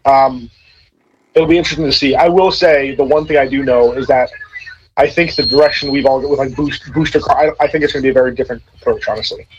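A man as a podcast guest in casual chat, rambling and animated. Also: medium pitch, fast, slight background noise. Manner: rambling, animated, many restarts. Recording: dull lo-fi sound.

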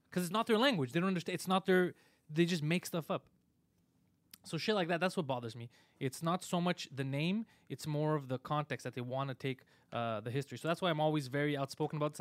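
A man hosting a live show, giving a fast, opinionated rant full of swearing. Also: on the high side, no room sound. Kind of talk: casual live-stream chat.

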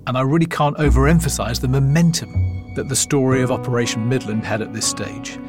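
A man narrates a documentary in a reflective, measured voice at a middle pitch. Faint music plays quietly behind him. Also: fairly even intonation. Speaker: host.

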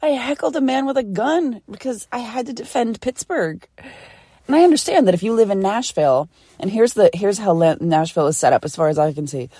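A woman from Philadelphia hosting a casual solo podcast, chatty and quick to laugh, swearing freely as she tells a story. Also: medium pitch, animated, warm tone, husky, dry recording, clean studio sound. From Philadelphia, USA. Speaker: podcast host.

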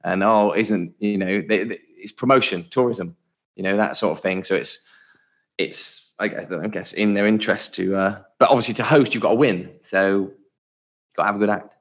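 A man co-hosting a podcast, chatting in a relaxed way and laughing easily. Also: lowish voice, moderate pace, highs cut off. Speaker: podcast co-host. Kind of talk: casual educational chat.

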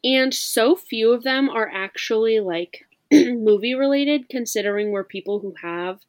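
A woman's voice: fairly high pitch, unhurried. A woman in her twenties co-hosting a podcast, chatting playfully and casually with plenty of fillers. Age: 20s. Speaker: podcast co-host. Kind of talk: casual chat.

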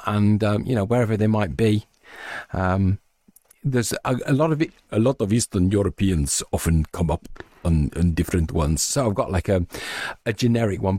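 A man's voice: lowish voice, darkish tone, no room sound, studio quality. A man who narrates audiobooks, chatting as an interview guest and explaining his work at length. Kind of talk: casual interview chat.

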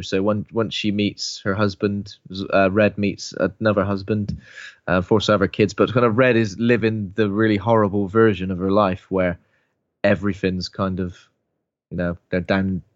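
A man's voice: on the low side, little pitch movement, moderate pace, dry recording. Chatty man, dull lo-fi sound. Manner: chatty, retells plot with asides and swearing. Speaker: podcast co-host. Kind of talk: casual film review chat.

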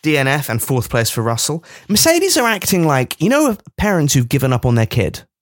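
A man's voice: a little high, wildly swooping pitch, brisk, no echo, clean studio sound. A man co-hosting a podcast, playfully riffing and swearing in casual chat. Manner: playful, swears, slips into mock voices of others. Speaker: podcast co-host.

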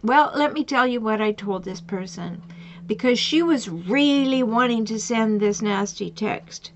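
A female relationship coach with an animated, somewhat high voice and slightly slow delivery gives advice and retells client stories. She repeats pointed questions with emphasis. The recording sounds dull and lo-fi.

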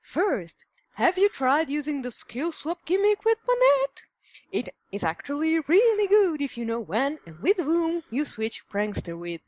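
A woman's voice: high voice, very animated, unhurried, darkish tone, dry recording. A woman co-hosting a podcast who laughs often and reads listener emails aloud. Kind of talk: casual podcast chat, reading aloud.

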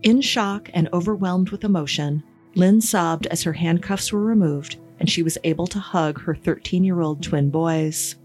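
A woman giving scripted true-crime podcast narration in a measured, even storytelling manner. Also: lowish voice, soft background music.

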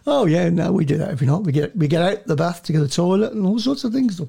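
A man co-hosting a casual podcast, jokey and quick to laugh. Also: sits high, expressive, gravelly, crowd noise. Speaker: co-host.

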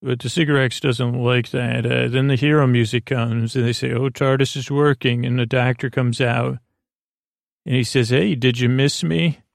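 A man hosting a sleep podcast, recapping an episode in a rambling, hesitant way with many pauses. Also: medium pitch, fairly even intonation, creaky, no echo, clean studio sound. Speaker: podcast host.

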